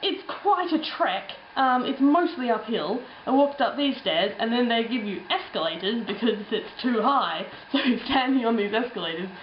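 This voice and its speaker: A woman's voice: on the high side, animated, normal speed, hardly any pauses, reverberant, highs cut off, a little hiss or hum. A young woman telling a travel story in a casual, rambling way, full of ums and little laughs. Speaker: travel vlogger.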